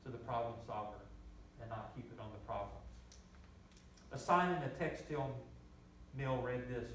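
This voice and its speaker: Echoey pastor preaching from a distance. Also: male voice, mid-range voice, lively intonation, moderate pace, long pauses, a bit bright, a little hiss or hum. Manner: repeats key phrases, emphatic rises. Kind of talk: sermon. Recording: echoey room heard from a distance.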